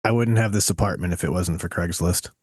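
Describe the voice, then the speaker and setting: A man co-hosting a podcast in casual chat, telling profane, animated stories. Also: low voice, brisk, breathy edge, no room sound, studio quality. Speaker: podcast co-host.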